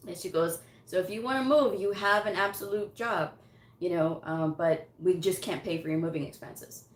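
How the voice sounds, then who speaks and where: A woman with a slightly low voice tells a personal story, casual and chatty. She laughs often and acts out what others said to her. The sound carries some room echo. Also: moderate pace. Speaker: medical coding vlogger. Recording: echoey room.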